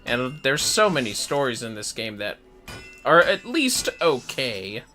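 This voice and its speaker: A man talks casually into his desk mic while streaming a game, swearing freely and answering chat. His voice is bright and forceful at a middle pitch, and faint game music plays underneath. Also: sing-song, unhurried. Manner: chatty, swears freely, reads chat aloud. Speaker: livestreamer. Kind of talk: casual gameplay commentary.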